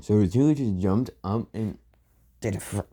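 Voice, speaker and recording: A man's voice: on the low side, normal speed, mellow, breathy edge. A man casually retelling a fan-made story, rambling with many fillers and restarts.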